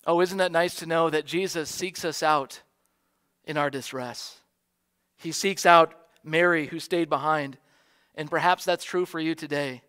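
High-voiced American pastor preaching. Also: male voice, steady tone, measured pace, clean tone. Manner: earnest preaching, soft repeated emphasis. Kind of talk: sermon.

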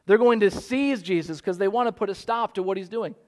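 A man's voice: high-pitched, brisk. A middle-aged man preaching a sermon, telling stories and acting out the voices of the people he quotes. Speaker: pastor.

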